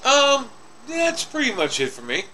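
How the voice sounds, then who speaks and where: A man co-hosting a casual chat, speaking slowly with stammered restarts. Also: very high voice, wildly swooping pitch, pushed and bright, slight background noise. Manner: slow, drawn-out, with stammered restarts. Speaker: co-host.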